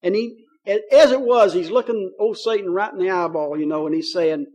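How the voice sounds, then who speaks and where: A man preaching a sermon in a folksy, conversational way, reading scripture aloud and slowing on key phrases. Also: sits high, warm tone. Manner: folksy and conversational, paraphrasing scripture in plain talk.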